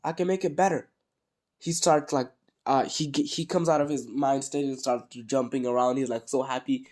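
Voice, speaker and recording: A speaker with a cold tells a fan story in a loose, rambling way, often stopping to rephrase. The pitch sits in an ordinary middle range, recorded casually at home. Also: steady tone, normal speed, a little mellow. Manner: rambling, many fillers and restarts. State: sick with a cold.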